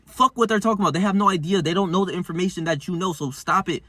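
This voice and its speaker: A man's voice: high voice, fast, bright, forceful tone, no room sound, studio quality, voice pushed up. A man voicing his own inner self as a blunt, protective young man who cusses out self-doubt. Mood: scolding. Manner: blunt, cussing, scolding.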